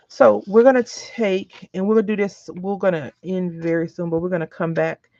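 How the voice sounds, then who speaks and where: A crafting vlogger with a lowish, steady, slightly mellow voice talks a little fast, chatting and rambling through anecdotes as she works on a craft project in a casual vlog. The recording is dry, dull and lo-fi.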